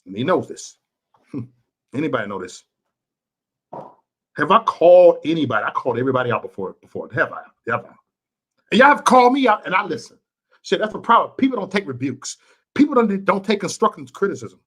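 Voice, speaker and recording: A man's voice: fairly high pitch, big pitch swings, fairly quick, pauses often, fairly bright tone, slightly rough. A man from Chicago ranting bluntly and profanely on a vlog livestream, preachy and repetitive, talking to his chat viewers. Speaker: vlogger and livestream host.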